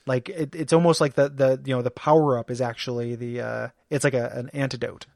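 A man's voice: mid-range voice, fairly even intonation, a little fast, gravelly, a little mellow, no room sound, clean studio sound. A man co-hosting a casual podcast about a video game, rambling with lots of fillers and restarts and laughing often. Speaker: podcast co-host. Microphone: studio microphone.

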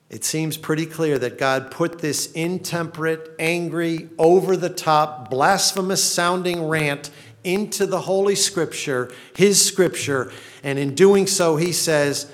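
A man's voice: on the high side, fairly bright tone. A male pastor preaching a sermon in an earnest manner, reading laments with rising passion.

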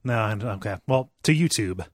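A man's voice: on the low side, animated, normal speed, no room sound. Laid-back man, dry close sound. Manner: laid-back, short agreeing replies, laughs easily. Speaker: podcast co-host. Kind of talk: casual chat.

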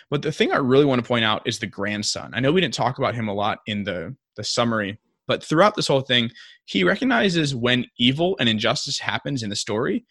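A man's voice: medium pitch, pushed and bright, dry recording, studio quality. A young man co-hosting a casual podcast discussion, talking in a chatty way with lots of fillers and restarts. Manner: chatty, many likes and restarts, acts out quotes. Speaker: podcast co-host.

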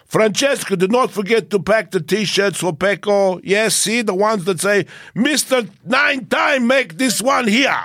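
A man's voice: high-pitched, unhurried, few pauses, sharp tone, no echo, studio quality, pitched above the performer's own voice, exaggerated voice. A man doing a comic impression of a scheming older Italian racing team boss, with a put-on Italian accent and broken English.

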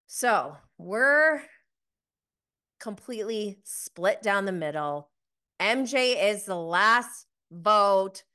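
Hosting a casual review of a reality show episode, a woman chats and gossips, laughing often as she goes. Her voice is mid-range with a sharp tone.

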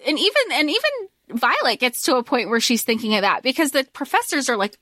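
Animated woman podcaster with a bright voice. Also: sits high, quick pace, no echo, studio quality. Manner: animated, excited, swears freely. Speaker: podcast co-host. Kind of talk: casual book discussion.

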